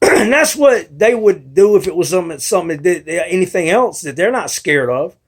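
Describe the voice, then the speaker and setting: A man's voice: high voice, big pitch swings, normal speed, husky. A young adult man talking in a casual rambling monologue, argumentative and frustrated, with many restarts. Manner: rambling, restarts often, mimics others in quotes. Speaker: video blogger.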